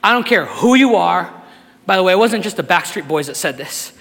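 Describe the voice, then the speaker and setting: A male pastor preaching a sermon to his church, swinging from quiet, tender passages to loud, shouted appeals. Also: sits high, lively intonation, fairly quick, gravelly, in a large hall. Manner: emotional, swings from soft to shouted. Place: church sanctuary.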